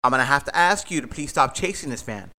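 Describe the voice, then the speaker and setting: A man voicing a calm female police dispatcher who gives polite, scripted instructions. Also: mid-range voice, fast talker, gravelly. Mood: firm.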